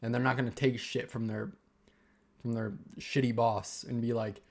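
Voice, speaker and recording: A young man vlogging a casual personal rant, halting and rambling as he keeps restarting his sentences. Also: mid-range voice, flat delivery, a little mellow.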